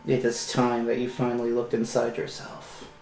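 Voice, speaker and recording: A man voicing a serpentine, raspy ancient spirit that speaks in a game master's story, recorded in a roomy space with faint music behind. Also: medium pitch, monotone, moderate pace, darkish tone, close to an everyday voice. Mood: solemn. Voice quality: raspy, hissing.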